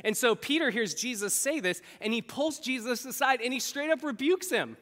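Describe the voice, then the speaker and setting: A man preaching a sermon to his congregation, animated and acting out the voices he quotes. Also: extremely high pitch, normal speed. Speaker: pastor. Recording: echoey hall.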